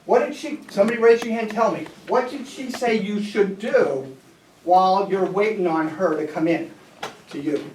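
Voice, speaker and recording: A woman teaches a classroom lesson and keeps asking the students questions. She is recorded from across an echoey room, at a distance from the mic. A clear hum of noise sits under her voice. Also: mid-range voice, moderate pace, darkish tone. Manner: coaxing, asks the class questions. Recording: echoey classroom from far off, noisy.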